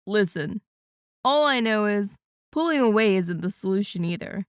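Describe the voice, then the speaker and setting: A playful young man who teases and jokes easily, as a woman reads him. Her voice stays clear and smooth, in a dry, close recording. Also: mid-range voice, lively intonation, moderate pace, no room sound, natural voice. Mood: earnest. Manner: playful, teasing. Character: joking adult man, teasing brother-in-law. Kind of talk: audiobook character voice.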